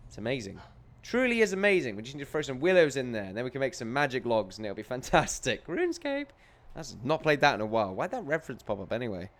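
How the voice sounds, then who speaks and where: A man's voice: medium pitch, lively intonation, fast. A young English man commentating his video game play in a rambling, jokey way, chuckling often. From England. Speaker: let's play host.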